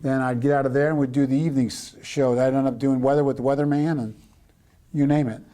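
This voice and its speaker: A man as an interview guest, speaking in a measured way and listing a daily routine step by step. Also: mid-range voice, fairly even intonation, warm tone. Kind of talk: casual interview recollection.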